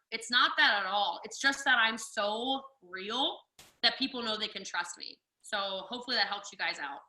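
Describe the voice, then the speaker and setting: A woman giving lively sales coaching on a video call, chatty and full of acted-out customer quotes. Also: a little high, normal speed. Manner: chatty, drawls "y'all", acts out quoted customers. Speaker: guest speaker. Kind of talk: animated sales coaching talk. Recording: echoey video call audio, slightly distant.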